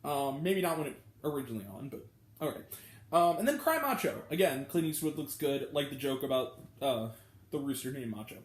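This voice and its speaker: A man hosting his own movie review vlog, talking casually and ranting with pitch jumping up when annoyed. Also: lively intonation, fairly quick, echoey room.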